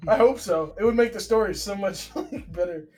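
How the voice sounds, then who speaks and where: A man's voice: sits high, expressive, fairly quick, darkish tone. A man hosting a podcast, telling a story in casual, rambling chat, full of "like" and laughter. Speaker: podcast host.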